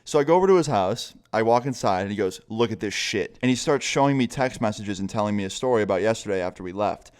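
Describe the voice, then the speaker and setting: A man's voice: lowish voice, lively intonation, fast talker, few pauses, a little mellow, clear, resonant tone. A young man telling a casual storytime vlog in a loose, profane way, laughing now and then. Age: young adult. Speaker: vlogger.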